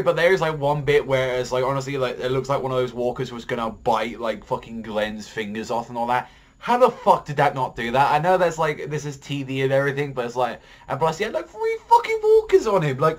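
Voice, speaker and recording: A young male vlogger gives a profane, rambling review of a TV episode. His voice sits at an ordinary middle pitch, and his delivery is loose, heated and full of fillers. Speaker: TV show reviewer. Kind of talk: casual ranting review vlog.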